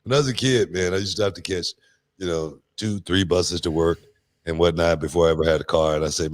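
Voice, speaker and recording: A man's voice: low-pitched, fairly even intonation, fairly quick. A middle-aged man, a podcast host telling stories in a laid-back, drawling way full of slang. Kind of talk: casual chat.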